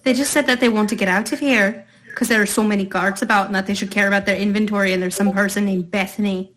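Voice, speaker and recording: A woman's voice: mid-range voice, steady tone, fast talker, fairly bright tone. A woman playing a tabletop game, chatty and joking. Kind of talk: casual chat.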